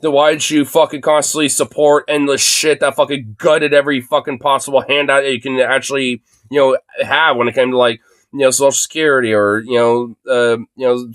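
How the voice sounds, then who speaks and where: A man's voice: medium pitch, steady tone, a little fast, a bit bright, dry recording. Profane ranting man in his late twenties. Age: late 20s. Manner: profane, heavy fillers like "you know" and "dude". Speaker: livestreamer. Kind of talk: angry ranting monologue. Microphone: phone.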